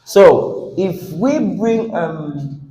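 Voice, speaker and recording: A man with a Nigerian English accent leads a classroom lesson on word stress. His fairly high voice swings widely in pitch, and he speaks slowly. He repeats words and keeps asking the class questions. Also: animated, dark tone, rough recording. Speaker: English teacher.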